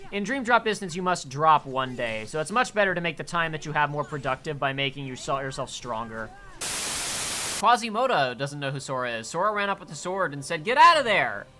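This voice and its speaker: A man's voice: fairly high pitch, lively intonation, a little fast, bright, forceful tone. A young man streaming a game, giving sarcastic, mock-serious commentary.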